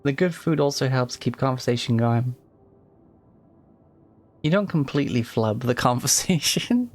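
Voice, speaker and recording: A man narrating as game master of a tabletop role-play stream, relaxed and rambling. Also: medium pitch, unhurried. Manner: relaxed, rambling with many fillers. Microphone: home mic on a live stream.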